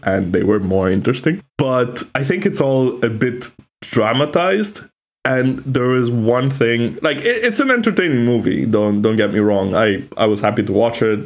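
A man's voice: mid-range voice, moderate pace. Chatty Italian man, opinionated. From Italy. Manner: chatty, opinionated, frequent "like" fillers. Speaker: podcast co-host. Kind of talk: casual chat.

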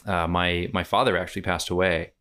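A man's voice: deep voice, flat delivery, a little fast, sharp tone. An American man in his thirties, a podcast guest in casual chat who rambles, laughs often and acts out little quotes. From United States.

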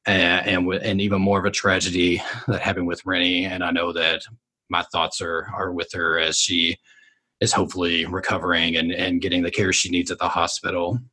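A man puts on a nasal woman author, a little higher than his own very deep voice. She talks in a rambling, chatty way, full of fillers and restarts, as she speaks to a crowd in a tabletop game. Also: level tone, fairly quick, bright, forceful tone, husky, heavily acted. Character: female novelist back in her hometown.

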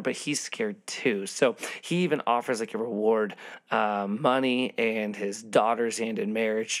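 A man casually retelling a Bible story as a teacher, loose and full of ums and restarts. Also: lowish voice. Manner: loose, filler-heavy storytelling with frequent ums.

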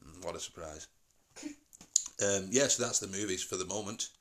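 Deep-voiced man rambling. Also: fairly bright tone. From St Helens, England. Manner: rambling, halting, with many fillers. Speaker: podcast host. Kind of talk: casual chat.

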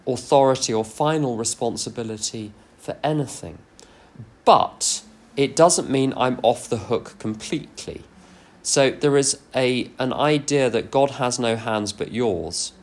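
Man, mid-pitched, workshop speaker sharing self-deprecating stories; frank, unpolished delivery. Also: lively intonation, slow pace. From England. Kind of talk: workshop talk with personal anecdotes.

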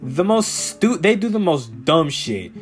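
Young man, podcast host, profane comedic rant, lively pitch, slightly high voice. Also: unhurried, faint music behind. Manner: animated, swearing, mock-quoting people in a raised voice.

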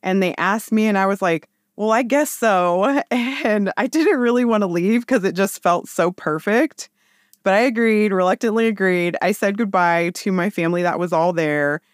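A woman in her thirties telling a personal story in casual chat, with lively, animated quoted voices. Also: medium pitch, moderate pace, no room sound, clean studio sound. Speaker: podcast guest.

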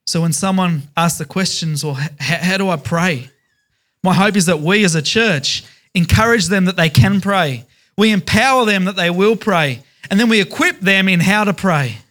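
A man's voice: high-pitched, normal speed, a bit bright. Emphatic male pastor preaching. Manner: emphatic, repeats key words in lists. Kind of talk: sermon.

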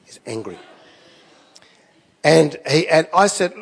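A man's voice: fairly high pitch, animated, a little slow, creaky, long pauses, big-room sound. A man preaching a sermon, telling stories in a conversational way with self-deprecating asides. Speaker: pastor.

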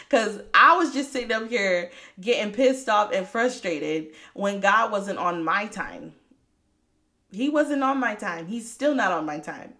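Lively woman giving a faith pep talk. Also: medium pitch, measured pace. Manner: lively, preachy, laughs often, talks straight to listeners. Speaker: podcast host. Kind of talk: faith-based motivational talk.

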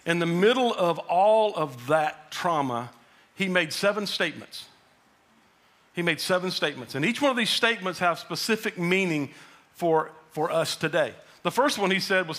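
Guy preaching a sermon, highish bright voice, builds up then drops way down. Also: expressive, normal speed. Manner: preaching, rising to shouted quotes then dropping low. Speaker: pastor.

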